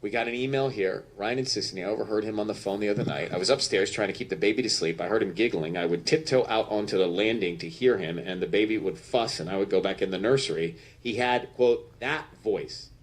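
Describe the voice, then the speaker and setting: A man hosting a radio show, brisk and upbeat as he reads listener mail and guides callers. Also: lowish voice. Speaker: radio host.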